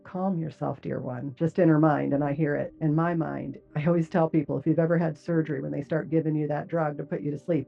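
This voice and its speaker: Middle-aged woman, low voice with a gravelly edge, earnest personal testimony full of casual fillers; dull lo-fi audio, faint music underneath. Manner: earnest, reflective, many "like" and "you know" fillers. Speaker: guest recounting a near-death experience.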